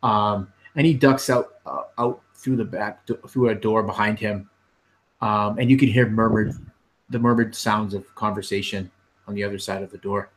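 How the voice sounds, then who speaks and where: A man running a tabletop fantasy game, his voice on the lower side. He narrates in an unhurried way, pausing on frequent fillers. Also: fairly even intonation, rough recording. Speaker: game master.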